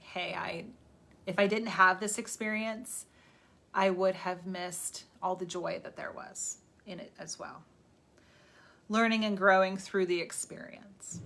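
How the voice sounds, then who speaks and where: A woman's voice: fairly low pitch, fairly bright tone. A woman hosting a live stream, giving a casual motivational talk in a chatty, rambling way and laughing at herself. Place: indoors, livestream. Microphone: phone or webcam on a live stream.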